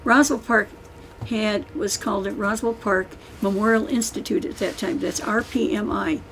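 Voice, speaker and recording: A woman's voice: medium pitch, steady tone, moderate pace, a bit bright, slight background noise, rough recording. An older woman, an author, talking casually and emphatically to an audience, rambling and restarting as she goes. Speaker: author giving a book-signing talk.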